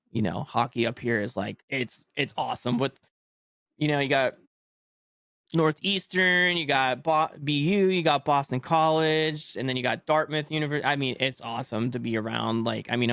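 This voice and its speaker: A young man hosting a casual solo sports podcast, rambling and excitable, laughing often and a bit sleepy. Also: medium pitch, creaky, no room sound. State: yawning, sleepy. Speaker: podcast host.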